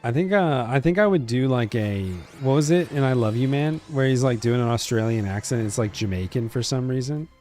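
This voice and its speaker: A man's voice: mid-range voice, fairly quick, few pauses, a little mellow. Male streamer, casual and chatty, talking to chat over faint game music. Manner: chatty, answers chat, hesitant restarts.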